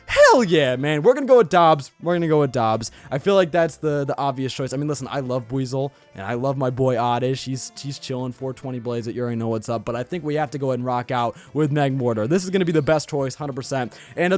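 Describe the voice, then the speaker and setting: A man hosting a let's play video, talking in an excitable, hyped way with casual swearing. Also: medium pitch. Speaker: gaming channel host.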